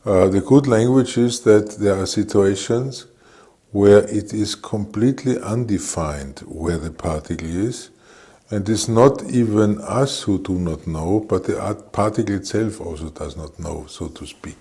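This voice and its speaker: A man answering interview questions about physics in a halting, careful way, with frequent pauses and fillers. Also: fairly low pitch, warm tone, breathy edge.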